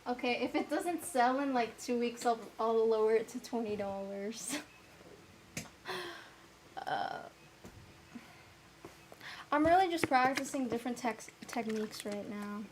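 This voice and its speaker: A woman vlogger chatting casually to herself as she paints, rambling and self-mocking as she thinks out loud. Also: on the high side, measured pace, pauses often, slight background noise, rough recording.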